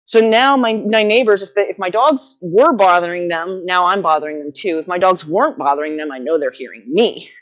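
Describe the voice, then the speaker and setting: A woman with a slightly low voice tells a long, meandering story to her vlog audience. She sounds casual and self-deprecating and keeps laughing at her own mishaps. She comes across as middle-aged and unpolished. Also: brisk, few pauses, muffled recording. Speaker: horse trainer vlogger.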